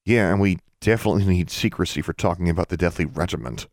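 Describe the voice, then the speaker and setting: A man's voice: deep voice, fast talker, a little mellow, no room sound, clean studio sound, close to an everyday voice. A man voicing an eager, cheeky schoolboy.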